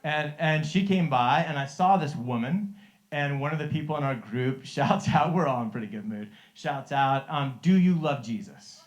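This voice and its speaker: A middle-aged man with a voice a little higher than most men's tells a faith story to a live group. He is earnest and chuckles often, stumbling over restarts as he speaks. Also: normal speed. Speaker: Christian life coach sharing a testimony.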